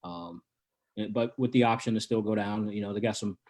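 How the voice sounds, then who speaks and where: A man's voice: fairly low pitch, brisk, a little mellow. A man who coaches college wrestling, answering interview questions in a laid-back way, with lots of ums and restarts. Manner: laid-back, many ums and repeated starts.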